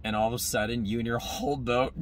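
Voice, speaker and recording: A man's voice: mid-range voice, moderate pace, a little hiss or hum. A man comedian rambling through a comic rant, talking straight to his viewers from inside a moving car. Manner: animated, tangent-prone, talks straight to viewers.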